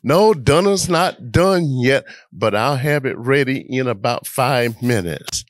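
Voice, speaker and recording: A man's voice: medium pitch, animated, takes it slowly, no room sound, studio quality. An older man voicing a patient mother telling her boys dinner isn't ready.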